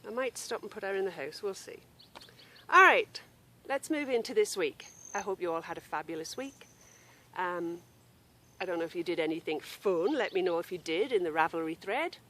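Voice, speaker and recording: A woman's voice: on the low side, expressive, normal speed, pushed and bright. A woman hosting a knitting podcast from outdoors in a grassy yard, chatting casually and apologising for interruptions. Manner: chatty and apologetic, breaking off to call a wandering dog.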